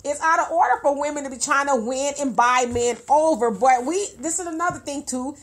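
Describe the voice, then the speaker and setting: A woman's voice: high voice, a little fast. A woman co-hosting a casual panel chat, candid and opinionated, lecturing her points. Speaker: podcast co-host.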